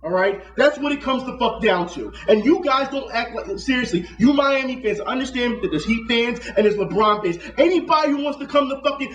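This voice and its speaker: A man's voice: very high-pitched, animated, fairly quick, few pauses, fairly bright tone, reverberant, far from the mic, highs cut off. A man ranting angrily about basketball fans, swearing constantly and lecturing his viewers. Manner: angry, profane, lecturing. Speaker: vlogger. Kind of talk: profane sports rant.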